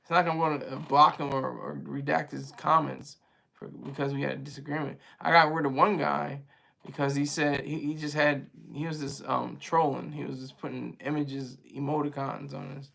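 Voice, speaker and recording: A man's voice: fairly high pitch, little pitch movement, normal speed, creaky, bright, forceful tone. A man hosting a livestream, talking casually with his viewers in a rambling, chatty way and laughing easily. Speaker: livestream host reading viewer chat.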